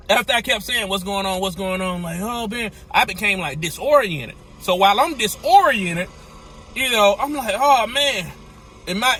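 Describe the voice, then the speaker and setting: Male owner-operator trucker, high bright voice, loose casual storytelling, lots of exclamations. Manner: animated, repetitive, exclamatory.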